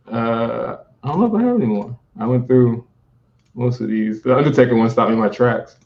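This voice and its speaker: A man's voice: medium pitch, moderate pace, vocal fry, darkish tone. A man from New Jersey, a podcast guest chatting casually and laughing often between his remarks. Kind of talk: casual chat. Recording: dull lo-fi audio.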